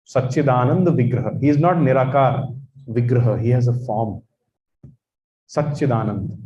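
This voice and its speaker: A man's voice: medium pitch, moderate pace, dark tone. A man with an Indian English accent, teaching a religious course and preaching emphatically. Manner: emphatic, repeats phrases, chants in sanskrit. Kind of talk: religious lecture. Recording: echoey, dull lecture recording.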